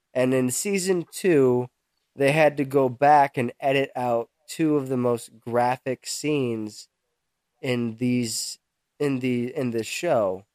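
A young man co-hosts a casual chat in a very slow, halting ramble, stopping often to search for words. His voice is plain and mid-pitched, recorded dry and close. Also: darkish tone, clear, resonant tone, dry recording. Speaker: podcast co-host.

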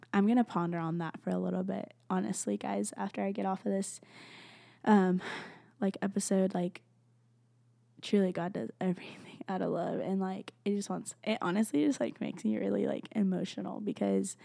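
A young woman talks through a casual Christian encouragement podcast, gentle and rambling, filler words everywhere. Her voice is mellow and dark with lots of vocal fry, recorded dry and close. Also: mid-range voice, no room sound. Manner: gentle, rambling, heavy use of "like". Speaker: podcast host.

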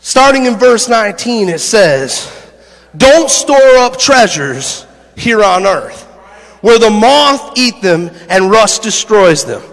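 A man preaching a sermon, an animated storyteller who laughs through his stories and builds to shouted preaching. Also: high-pitched, takes it slowly, long reverb tail. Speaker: pastor. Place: church sanctuary.

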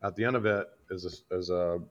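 A man's voice: low voice, steady tone, brisk, lo-fi sound. A man from Iowa, a combat veteran guest, bluntly telling a war story in casual, profane podcast talk. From Iowa, United States.

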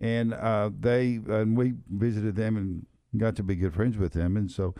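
A man's voice: fairly low pitch, fairly even intonation, moderate pace, warm tone, smooth, no echo, studio quality. A Texas-accented man co-hosting a sports radio show, telling stories in a hesitant way full of restarts. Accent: Texan. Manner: hesitant, many ums and restarts. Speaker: radio co-host. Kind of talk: casual on-air chat.

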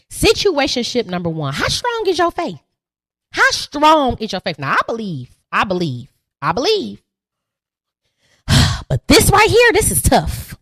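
A woman hosting a live podcast, giving profane, preachy, animated commentary. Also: medium pitch, no echo, studio quality. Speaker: podcast host.

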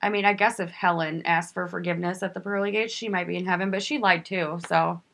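A woman co-hosting a true-crime podcast, chatting casually and trailing off with hesitant, halting phrases. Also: on the low side, fairly even intonation, gravelly, a bit bright. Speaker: podcast co-host.

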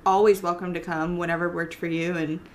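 A woman's voice: fairly low pitch, little pitch movement, fairly quick, a little hiss or hum. A young woman hosting a podcast, chatting casually, swearing freely and laughing easily. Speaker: podcast host. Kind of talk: casual chat.

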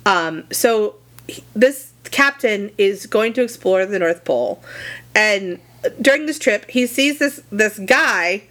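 A young adult woman hosts a casual podcast and recounts a novel's plot in loose, animated chat. She swears freely and fills her sentences with asides and hesitations. Her pitch sits in an everyday middle range. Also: slow pace. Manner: animated, profane, lots of fillers and asides. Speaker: podcast co-host. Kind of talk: casual chat, retelling a story.

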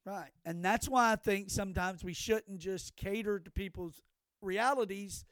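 A man's voice: high voice, measured pace, fairly bright tone, no echo, studio quality. An older man co-hosting a podcast, telling stories in a rambling, profane way with many restarts. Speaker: podcast co-host. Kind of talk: casual chat.

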